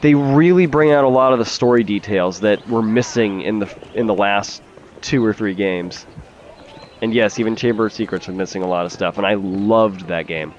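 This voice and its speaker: A man's voice: fairly low pitch, normal speed, dull audio. A man giving casual, chatty gameplay commentary as a let's play host, swearing freely and laughing easily.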